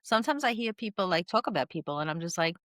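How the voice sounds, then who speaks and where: A woman's voice: on the low side, fast, no room sound, studio quality. A woman co-hosting a podcast, telling stories in casual chat and acting out the people she quotes. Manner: animated storyteller, acts out quoted voices. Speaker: podcast co-host.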